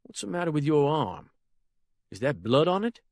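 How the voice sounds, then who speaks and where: A man's voice: a little high, big pitch swings, normal speed, a little mellow, dry recording, studio quality, voice pushed up. A man voicing a cold, hard male killer who asks short, clipped questions. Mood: feigned friendly.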